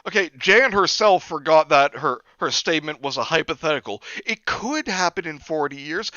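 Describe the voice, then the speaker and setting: A man's voice: on the high side, lively intonation, normal speed, hardly any pauses, bright, forceful tone, dry recording, muffled recording. A young man hosting a stream, reading a book aloud with sarcastic asides and laughter. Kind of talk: comedic read-through with commentary.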